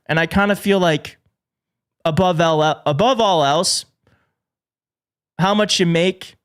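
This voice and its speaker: A man hosting a live political commentary show, excitable and jokey, often restarting his sentences. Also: fairly high pitch, clean tone. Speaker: show host. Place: studio in a big city.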